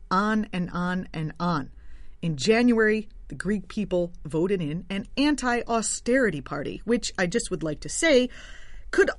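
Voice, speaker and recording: A woman's voice: medium pitch, no room sound. A woman hosting her show from a home studio, giving satirical political commentary with sarcastic, wry asides. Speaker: show host.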